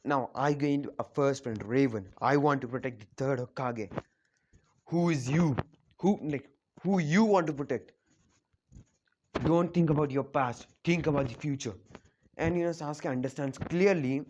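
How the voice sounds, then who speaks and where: A man's voice: medium pitch, normal speed, a little mellow, slight background noise. A man casually retelling a fan story, rambling with lots of restarts and filler words. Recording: dull lo-fi recording.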